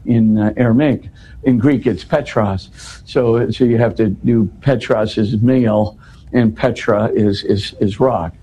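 A man's voice: lowish voice, fairly even intonation, measured pace, dark tone, highs cut off, a little hiss or hum. A man explaining a scripture passage in a scholarly but casual way, with frequent restarts and "you know". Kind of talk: conversational explanation.

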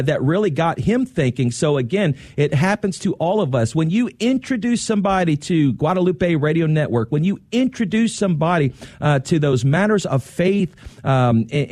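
A man hosting a radio fundraising drive, earnestly urging listeners to call and repeating the phone number slowly. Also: sits high, darkish tone, no room sound, studio quality. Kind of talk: radio pledge drive appeal.

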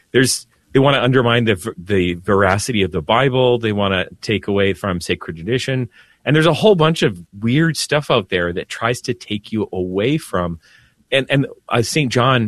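A man, a priest co-hosting a Catholic radio talk show, speaking calmly and earnestly, often dropping his voice to soothe. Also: no echo. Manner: calm, lowers voice to soothe, earnest.

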